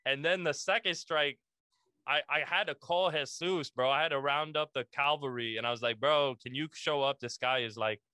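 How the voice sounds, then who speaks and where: A man hosting a podcast, telling a story in animated casual chat, swearing freely and saying "bro" often. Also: a little high, moderate pace, clear, resonant tone, no echo.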